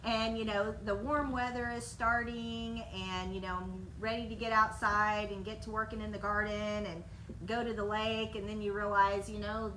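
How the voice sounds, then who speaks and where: A woman's voice: mid-range voice, fairly bright tone. Giggly woman talking from across a room. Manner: giggly, chatty, many fillers. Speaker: HR director. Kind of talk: casual company livestream talk. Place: office room with coworkers. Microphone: distant device mic. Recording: roomy distant sound with background noise.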